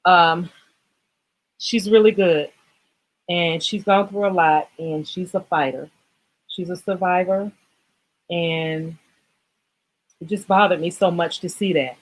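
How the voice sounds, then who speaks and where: A woman's voice: fairly low pitch, steady tone, takes it slowly, long pauses, rough recording. A woman hosting a casual fitness livestream, talking in a rambling, emotional way, choked up and apologizing as she goes. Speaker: livestream host.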